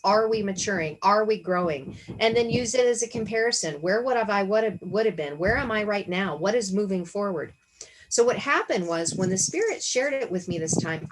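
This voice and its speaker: A woman with a medium-pitched voice hosts a Bible study discussion over a video call. She teaches casually but earnestly and reflectively, often posing questions to herself aloud. The recording is rough, with slight background noise.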